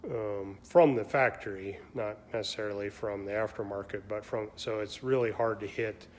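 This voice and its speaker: A man hosting a casual live stream, rambling along with many pauses and ums. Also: lowish voice, steady tone, darkish tone, a little hiss or hum. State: has the hiccups. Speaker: shop owner hosting a weekly live stream.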